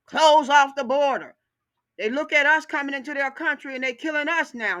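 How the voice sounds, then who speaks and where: A woman delivers an impassioned commentary rant in a high voice. She hammers her points home over and over with a fiery, preaching cadence, and her tone stays bright and sharp throughout. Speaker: video commentator.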